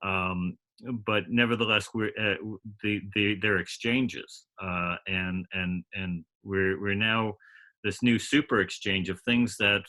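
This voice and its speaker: A man's voice: fairly low pitch, fairly even intonation, slow pace, bright, forceful tone. A man in a casual group call, thinking aloud with many restarts and fillers. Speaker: call participant.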